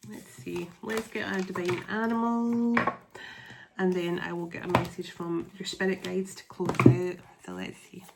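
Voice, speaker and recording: A woman doing a spiritual tarot reading to camera, emotional and excitable, reading card texts aloud. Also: fairly low pitch, unhurried, vocal fry, very noisy. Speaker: tarot reader.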